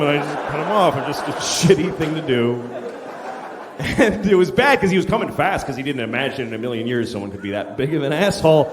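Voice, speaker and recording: A male stand-up comedian on stage, telling a profane, incredulous story to a live audience. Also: mid-range voice. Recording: live show with loud laughter and hiss.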